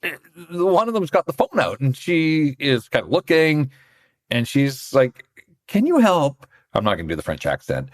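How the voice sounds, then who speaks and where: A man's voice: medium pitch, very animated, moderate pace. A man, co-hosting a hockey podcast in casual chat and telling stories with frequent laughs. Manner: chatty storyteller, laughs often. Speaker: podcast co-host, hockey reporter.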